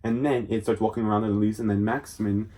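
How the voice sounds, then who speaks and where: Young guy, lower voice, goofy rambling comedy recap with deadpan asides. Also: fast talker. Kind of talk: silly comedic episode summary with quick voice impressions.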